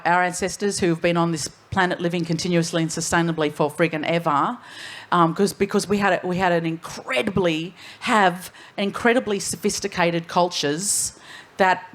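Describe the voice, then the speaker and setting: An Australian woman speaking frankly on a festival panel, wandering through her points and swearing casually. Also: fairly low pitch. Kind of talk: candid panel talk.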